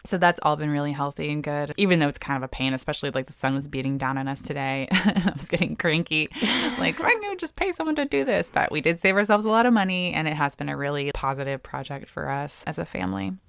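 A woman in her thirties co-hosting a casual podcast chat, chatty and animated, laughing often as she tells stories. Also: deep voice, quick pace, hardly any pauses, clear, resonant tone, dry recording, studio quality. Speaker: podcast co-host.

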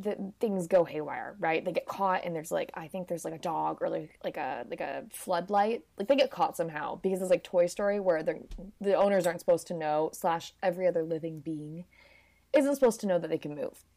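A woman's voice: lowish voice, gravelly, mellow. Chatty woman goofing around retelling a movie, does silly little voices. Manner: chatty, playful, acts out characters in silly voices. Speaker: podcast co-host recapping a film. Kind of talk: casual chat.

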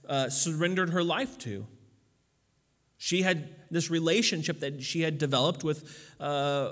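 Pastor, male, slightly high voice, conversational sermon delivery with emphatic peaks, long reverb of a big room. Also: a bit bright. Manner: casual and conversational with frequent fillers, swelling to emphatic peaks.

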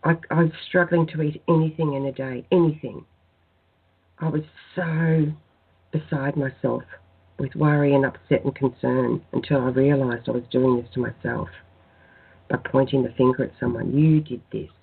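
A woman guest in a spiritual radio interview, telling her personal story in an earnest, soft-spoken way. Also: a bass voice, fairly even intonation, moderate pace, vocal fry, breathy edge. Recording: tinny phone-line sound.

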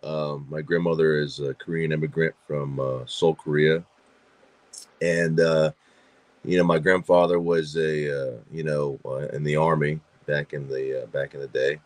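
Very deep-voiced man telling stories. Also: level tone, unhurried, dry recording. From Georgia, USA. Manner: chatty storyteller, frequent fillers and repeats. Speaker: podcast guest, actor and filmmaker. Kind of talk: casual interview chat.

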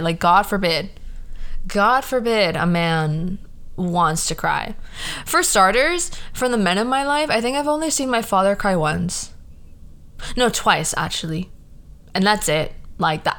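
A young woman from Peru hosting a casual solo podcast, ranting in an animated, chatty way, leaning hard on "like" and laughing often. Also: lowish voice. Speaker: podcast host.

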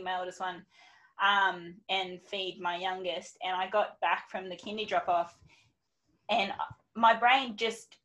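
A woman's voice: mid-range voice, steady tone, normal speed, a bit bright, low-quality recording. A woman in her thirties, a podcast guest telling her story in candid, chatty talk full of ums and quoted asides. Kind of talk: casual podcast chat.

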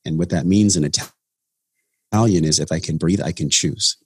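A breathwork facilitator appearing as a podcast guest talks earnestly about how he came to breath work, restarting his sentences often in the casual conversation. His voice is low and husky, and he speaks at a moderate pace.

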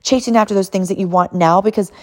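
A mother in her thirties telling an animated, emotional family story and encouraging other mothers, laughing often. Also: mid-range voice, quick pace.

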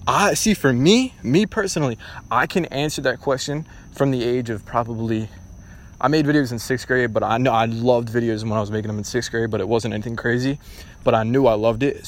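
A man's voice: mid-range voice, fairly quick. A young man hosting a casual solo podcast, talking bluntly and ramblingly with lots of swearing. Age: young adult. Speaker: podcast host.

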